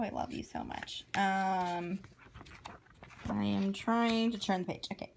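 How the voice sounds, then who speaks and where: Woman vlogger, casual and chatty, reads aloud and gushes with quick asides. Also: mid-range voice, gravelly, slight background noise. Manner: chatty and gushing, with frequent asides and self-corrections. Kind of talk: casual chat while reading aloud from a book.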